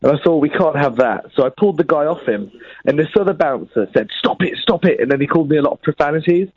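A male caller on a radio phone-in, telling his story in a flat, matter-of-fact way. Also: a little high, fast, dry recording. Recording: dull phone line.

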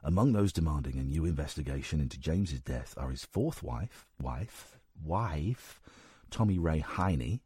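A male radio host reads news items on air and keeps interrupting himself with dry, sarcastic remarks. His voice is very low and husky, yet his pitch swings widely as he talks. The studio sound is close and dry. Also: lively intonation, unhurried, darkish tone, no echo. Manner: reads stories with sarcastic asides. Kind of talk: casual radio chat, reading news aloud. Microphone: studio microphone.

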